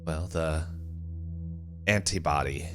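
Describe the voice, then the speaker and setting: A man voicing a calm male computer intelligence built into a wall as a giant robot head. He speaks slowly and with polite formality. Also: rumbling low, over music, pitched below the performer's own voice. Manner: slow, measured, politely formal.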